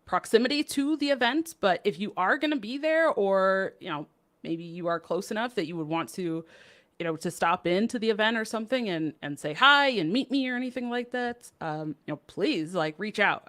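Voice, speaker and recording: Co-hosting a card game podcast, this woman speaks in a fairly bright voice on the low side. The conversation is casual and she stays upbeat and chatty, laughing frequently with lots of fillers.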